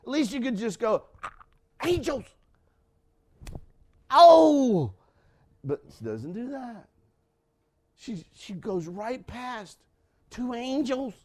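An older man preaching a sermon, repeating lines for emphasis and swinging from shouts down to hushed whispers. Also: very high-pitched. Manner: dramatic shifts from shouting to hushed whispers, with laughs; preaching slowly with emphatic repetition. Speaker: pastor.

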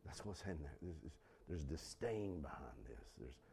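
A man preaching a sermon, acting out dialogue and putting questions to the congregation, swinging from loud outbursts to quiet asides. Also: extremely low pitch, animated, measured pace, gravelly, a little hiss or hum. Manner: acts out quoted dialogue, asks the congregation questions. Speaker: pastor.

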